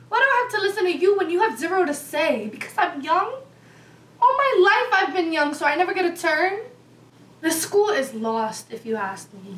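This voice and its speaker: Brief: young actress as a defiant young male student, very high, echoey room, distant mic. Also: a bit bright, exaggerated voice. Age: young adult. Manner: indignant, rapid, challenging questions. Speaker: actor. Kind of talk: stage monologue.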